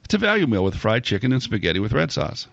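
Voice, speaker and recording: A man co-hosting a casual chat, drawing out names and dropping wry remarks. His voice has a gravelly rasp and swings widely in pitch. The sound is dry and close, with a dull, lo-fi tone. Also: very animated, fast talker, fairly bright tone, no room sound. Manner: chatty, drawls out item names, wry remarks. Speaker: podcast co-host.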